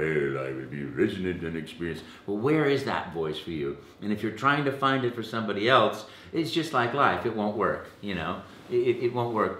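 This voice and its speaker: A man, a voice actor, telling stories in a casual interview, animated and full of restarts, jumping into a high pitch when he acts out quotes. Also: echoey room. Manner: halting restarts, repeated words. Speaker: voice actor guest.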